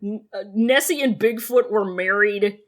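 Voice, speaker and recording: A woman's voice: mid-range voice, measured pace. A woman co-hosting a podcast in casual chat, rambling and laughing with lots of fillers. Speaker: podcast co-host.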